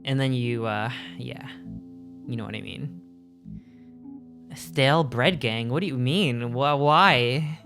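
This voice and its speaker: A man's voice: mid-range voice, a bit bright. A man streaming, chatting casually with his live chat in a rambling, joking way, often stopping mid-sentence to restart. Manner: rambling, jokey, self-interrupting.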